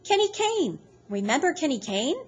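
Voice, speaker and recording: A brash, taunting woman with a loud, giggly, mocking manner, her voice jumping high and sharp, as a woman reading aloud puts her on. Her lines come in a pitch that swoops upward and loud. Faint hiss sits under the storybook reading. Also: very animated, normal speed.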